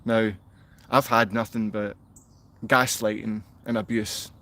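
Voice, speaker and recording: A man's voice: fairly low pitch, flat delivery, takes it slowly, pushed and bright. A man livestreaming, reading comments from his chat aloud and answering them with a confrontational, insulting rant. He sounds downcast.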